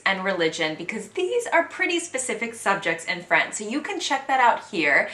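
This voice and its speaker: Bright-voiced American woman vlogger. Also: mid-range voice, reverberant. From United States. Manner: chatty, candid, animated. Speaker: vlogger living in France. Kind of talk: casual chat to camera.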